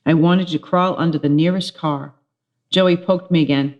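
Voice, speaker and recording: A middle-aged woman, a teacher, reading a children's chapter book aloud, telling it with lively expression. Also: low voice, moderate pace, dull audio. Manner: expressive storytelling with character voices.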